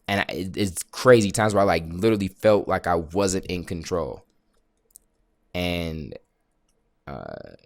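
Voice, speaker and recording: Give me a man with a fairly low voice, speaking earnestly and openly to his viewers. He talks in a casual motivational vlog style, restarting and repeating words as he drives his point home. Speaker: vlogger.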